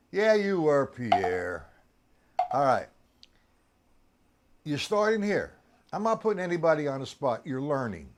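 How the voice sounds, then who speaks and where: Animated drum teacher with a lively voice. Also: male voice, mid-range voice. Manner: animated, teasing, quizzes students by name. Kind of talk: live-streamed drum lesson. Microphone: live stream.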